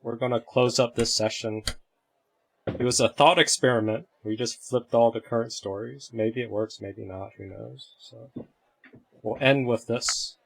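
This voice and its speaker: Blunt facilitator, man, unhurried gravelly voice, video call. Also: medium pitch, steady tone, a little hiss or hum, poor audio. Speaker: discussion group facilitator. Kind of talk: casual group discussion on a video call.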